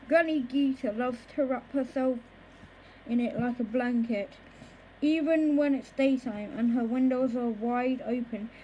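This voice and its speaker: A woman reading a children's book aloud in a slow, careful way, with occasional small stumbles over words. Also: on the high side, lo-fi sound, slight background noise. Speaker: storybook reader.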